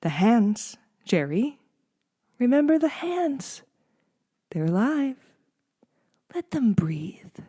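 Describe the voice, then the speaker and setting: A reader voicing a stern, excitable male piano teacher in a book reading, issuing commands that swing from hushed to shouted. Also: mid-range voice, slow pace, pauses often, husky, dry recording, clean studio sound, voice pushed up, heavily acted. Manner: commanding, rising to frenzied shouting. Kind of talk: audiobook reading.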